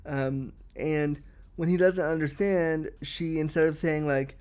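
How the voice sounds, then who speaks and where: A man's voice: a little high, steady tone, darkish tone, clear, resonant tone. Frank, chatty male podcast host. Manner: frank and chatty, says he talks fast. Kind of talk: candid film commentary.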